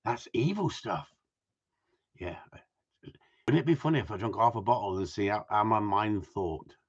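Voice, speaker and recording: A man's voice: on the low side, normal speed, husky. A man, a gundog trainer, chatting casually with viewers outdoors in the cold, reading their comments and joking as he rambles. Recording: muffled lo-fi sound.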